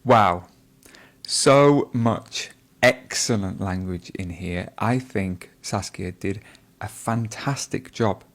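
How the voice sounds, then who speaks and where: A man teaching, giving measured feedback on a speaking test performance. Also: fairly low pitch. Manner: measured, evaluative commentary.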